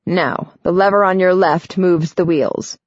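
A woman voicing a young male alien pilot with a harsh accent, talking quickly, patient but authoritative, in an audiobook. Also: fairly low pitch, no echo. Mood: instructive. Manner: quick, calm, instructive. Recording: dull, dry studio sound.

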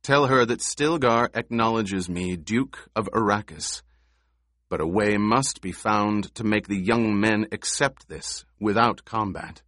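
A man voicing a calm, commanding young male duke in an audiobook, speaking in measured tones. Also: lowish voice, no echo, clean studio sound. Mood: firm.

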